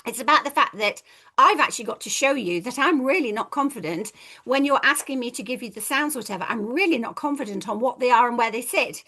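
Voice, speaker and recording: A woman's voice: on the high side, animated, brisk, pushed and bright. A woman, a reading teacher, giving a chatty, playful training talk and acting out children's voices. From England.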